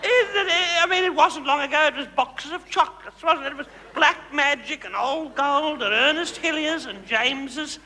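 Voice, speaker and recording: A man's voice: very high-pitched, normal speed, hardly any pauses. A man with an Australian accent playing a vain, glamorous female megastar who was once a housewife, teasing a theatre audience in a live comedy monologue. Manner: camp, teasing, gushing, calls audience darlings. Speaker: stage comedian. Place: large theatre stage before an audience. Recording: reverberant theatre hall, audience noise, VHS broadcast.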